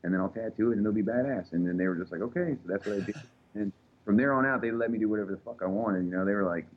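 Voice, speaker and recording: A man's voice: lowish voice, racing. A man, a tattoo artist telling a rambling, profane story in casual chat, recorded with thin phone-like sound.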